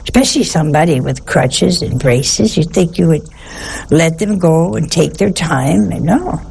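A woman's voice: low-pitched, lively intonation, normal speed, vocal fry, dark tone, breathy edge, rough recording. A woman, a nun, giving a homespun sermon full of humorous stories, plain-spoken, with chuckling asides. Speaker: nun preaching.

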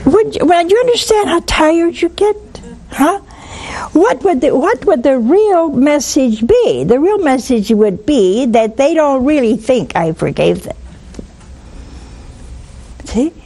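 A woman's voice: sits high, a little slow. An older woman giving spoken religious teaching on a call-in show, acting out little dialogues as she talks. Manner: lively, acts out little dialogues. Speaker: nun hosting a call-in show.

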